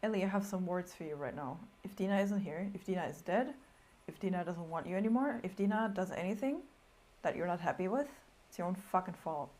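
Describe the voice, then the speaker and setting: A young non-native-accented woman speaks fairly quickly in a fairly low, darkish voice while live-streaming a horror game from a room at home. Her commentary is casual and playful, with plenty of swearing and scolding of the characters.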